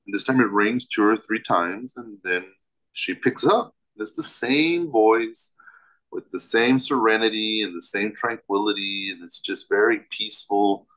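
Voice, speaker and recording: A man with a somewhat low voice recounts a personal story as an interview guest. He talks vividly and with emphasis, restarting phrases as he goes. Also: unhurried, a bit bright, rough recording.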